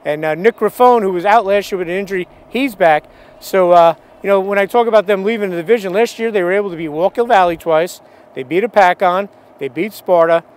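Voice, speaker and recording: A man's voice: high voice, a little fast, clean tone. A man giving a conversational local baseball preview, reeling off players and records with frequent fillers. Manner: conversational, fact-heavy rundown with fillers. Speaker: sports analyst. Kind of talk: local radio sports preview.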